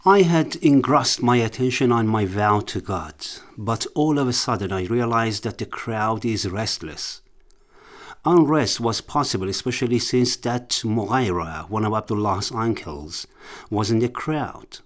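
An actor playing a stern, resolute older tribal leader in a radio drama, speaking in a measured, solemn way. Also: male voice, lowish voice, expressive. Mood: tense.

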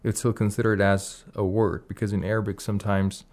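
A man's voice: on the low side, little pitch movement, fairly quick, a little mellow. A man patiently explaining Arabic pronunciation rules on a radio lesson, reciting short Arabic phrases as examples. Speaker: Quran recitation teacher.

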